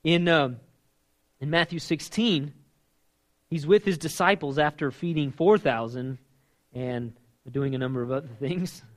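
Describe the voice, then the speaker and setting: High-voiced man preaching casually. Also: measured pace, long pauses. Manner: conversational, emphatic, swings between loud and hushed. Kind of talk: casual sermon.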